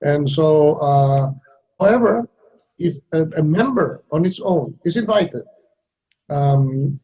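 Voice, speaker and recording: A man's voice: a little high, animated, takes it slowly, dark tone, husky, dull audio. An older man from the Philippines giving blunt, wry interview answers as a foreign minister, sometimes acting out the voices of others. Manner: blunt, wry, acts out others' lines with shifts in voice.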